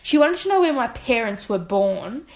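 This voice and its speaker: A woman's voice: on the high side, moderate pace. A young woman in her twenties with an Australian accent, co-hosting a casual podcast chat and acting out the voices in her stories. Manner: animated storyteller who acts out quoted voices. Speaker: podcast co-host.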